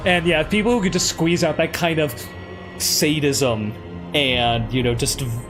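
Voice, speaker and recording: A man hosting a casual let's play chat, excitable, laughing often and swearing casually. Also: a little high, slow, pauses often. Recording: music playing underneath.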